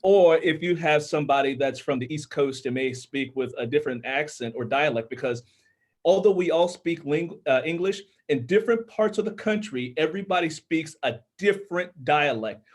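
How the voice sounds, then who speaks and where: A man's voice: a little high, normal speed. A man from Minnesota, an author and audiobook narrator, explaining his craft earnestly in casual panel chat, with a tenor voice and many restarts.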